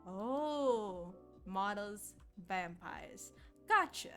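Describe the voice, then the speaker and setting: A woman's voice: medium pitch, expressive, drawn-out words, fairly bright tone, faint music behind, heavily acted. A woman voicing a friendly male police officer in a put-on American Southern accent, easygoing and folksy. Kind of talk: streamer voicing game dialogue.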